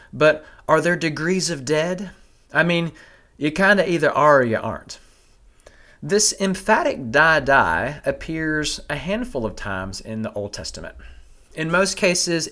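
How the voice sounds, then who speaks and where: A man teaches a Bible passage in a measured, explanatory way, raising rhetorical questions as he goes. His voice sits in an ordinary middle register, but it moves up and down a lot and stays animated. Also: medium pitch. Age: adult with a family. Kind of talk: scripted teaching narration.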